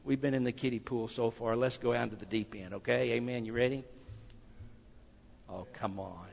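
Fiery gravelly preacher in a hall. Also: male voice, medium pitch, fairly even intonation, moderate pace, muffled recording, slight background noise. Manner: swings between loud declaring and hushed near-whispers. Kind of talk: sermon.

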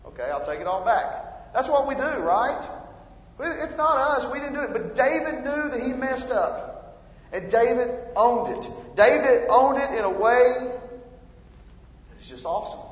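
A man preaching a sermon, emphatic and rising in force when he reads scripture. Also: sits high. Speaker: pastor. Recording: roomy hall reverb, dull lo-fi sound.

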